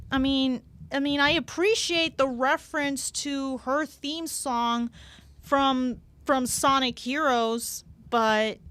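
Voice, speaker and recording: A woman talking as a guest on a casual gaming podcast, halting and full of fillers and repeated words. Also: high voice, a bit bright, no room sound.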